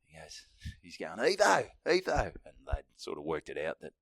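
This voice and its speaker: A man's voice: very deep voice, steady tone, brisk, no echo, clean studio sound. An Australian man co-hosting a podcast, telling stories in casual, sweary chat and often laughing. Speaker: podcast co-host.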